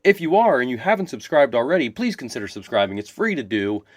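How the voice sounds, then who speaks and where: A man's voice: medium pitch, big pitch swings, fast talker, dry recording. A man talking casually to his viewers, enthusiastic and rambling, often restarting and correcting himself. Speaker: wrestling video creator. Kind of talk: casual solo commentary to camera.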